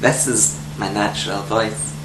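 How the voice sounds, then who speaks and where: A man playing a timid, soft-spoken young man who talks in a prim, gentle way. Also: fairly low pitch, steady tone, measured pace, over music, close to an everyday voice. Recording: echoey room with air-conditioning hum.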